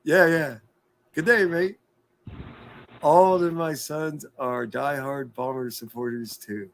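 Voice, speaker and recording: Man, livestream host, slow jokey delivery, faint noise behind. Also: a little high, steady tone. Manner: jokey, laughs often, plays with words. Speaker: livestream host reading viewer comments. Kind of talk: casual chat.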